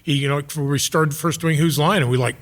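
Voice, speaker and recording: An American man from the Bay Area, a comedian guest telling animated anecdotes in casual chat and acting out the voices. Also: a little high, fairly quick. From San Francisco Bay Area. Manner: animated storyteller, acts out voices.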